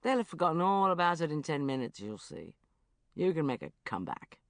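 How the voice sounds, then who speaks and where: A woman reading an audiobook, voicing a weary young man friend who speaks in a dull monotone. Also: low voice, a little fast, dry recording. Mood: reassuring.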